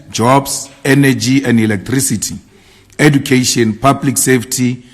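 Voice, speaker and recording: A man delivering a formal political statement in a declamatory, repetitive rallying cadence. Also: mid-range voice. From South Africa. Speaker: party leader giving a statement.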